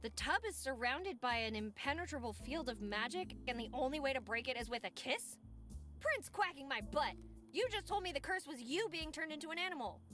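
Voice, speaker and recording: A woman voicing a sarcastic, quick-witted game heroine who keeps arguing with a duck. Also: high-pitched, animated, a bit bright, soft background music. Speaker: game protagonist. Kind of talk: voiced game dialogue.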